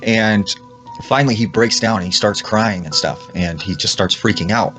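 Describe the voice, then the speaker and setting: A man's voice: on the low side, moderate pace, fairly bright tone, soft background music. A man casually retelling a creepy story, full of "like" and quoted lines. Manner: retells with lots of "like" and acted quotes. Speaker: storyteller in clip.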